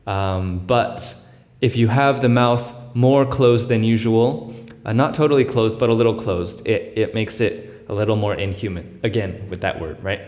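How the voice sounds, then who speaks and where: A man's voice: on the low side, unhurried, a little mellow. A man giving a casual beatboxing tutorial, explaining step by step with lots of fillers and breaking into vocal sound demos. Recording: echoey room with long reverb.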